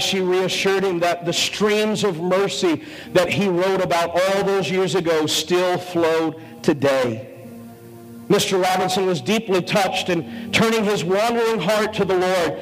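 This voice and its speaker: A man preaching as a pastor, pleading earnestly with his listeners in short phrases broken by pauses, in a large auditorium. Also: sits high. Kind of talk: sermon. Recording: long hall reverb with faint music.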